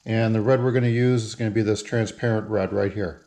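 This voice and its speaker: A man's voice: lowish voice, fairly even intonation, brisk, dark tone. A man narrating a casual how-to video, talking through each step as he works. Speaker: hobby lure painter.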